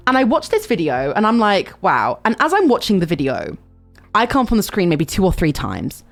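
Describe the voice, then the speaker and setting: A young woman streamer telling a long story in a casual, animated way, swearing and breaking into sudden high squeals. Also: a little fast, vocal fry, soft background music.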